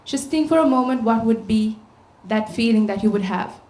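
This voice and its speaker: A woman's voice: fairly high pitch, moderate pace, dark tone. Sri woman giving a talk. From Sri Lanka. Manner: storytelling, posing rhetorical questions to the audience. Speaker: conference speaker. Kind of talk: public talk. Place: large auditorium. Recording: echoey auditorium sound.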